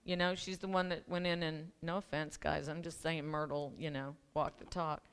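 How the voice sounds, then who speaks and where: Chatty woman minister with a smooth voice. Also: sits low, little pitch movement, moderate pace. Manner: chatty, laughing asides, many restarts and ums. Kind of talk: casual conversational sermon. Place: church sanctuary.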